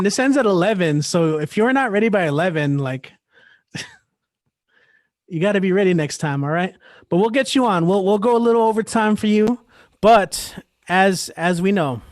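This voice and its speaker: A man's voice: sits high, no room sound, clean studio sound. A man hosting a livestreamed open mic from home over a computer mic, performing rhythmic spoken word poetry full of wordplay and then teasing a guest in casual talk. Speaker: open mic host and poet.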